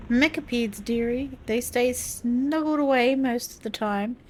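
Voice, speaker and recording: A woman's voice: fairly high pitch, measured pace, darkish tone. A woman voicing an evasive late-middle-aged librarian in a game, speaking in a sugary way and calling people dearie, with game music behind. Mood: sweetly warning.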